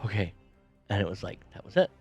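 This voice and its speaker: A man's voice: mid-range voice, moderate pace, soft background music. A man hosting his own show from his bedroom, telling a rambling story with many restarts. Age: adult, has kids. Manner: rambling, animated retelling with repeated restarts. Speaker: podcast host. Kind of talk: casual storytelling monologue. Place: bedroom at home.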